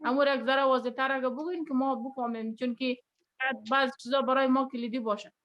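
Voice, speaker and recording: A woman speaking urgently and apologetically on a video call, pleading for a clearer explanation. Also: sits high, steady tone, very fast, a bit bright, lo-fi sound. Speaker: seminar participant. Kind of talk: rapid spoken request on a video call.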